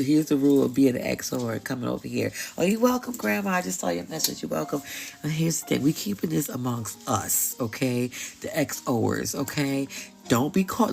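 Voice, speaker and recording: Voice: medium pitch, vocal fry, darkish tone. A tarot reader hosting a live stream, talking casually and bluntly with slang, swearing and frequent laughs.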